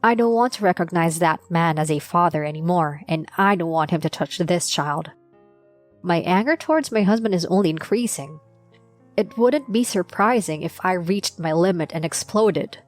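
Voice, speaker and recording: A young adult woman narrating her own story as a mother, in a plain, steady confessional tone. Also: lowish voice, normal speed. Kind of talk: first-person storytelling. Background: faint music.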